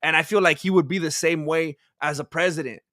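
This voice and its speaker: Male podcast co-host, bright and forceful voice, dry close sound, opinionated rambler. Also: on the high side, steady tone, a little fast, no room sound. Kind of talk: casual chat.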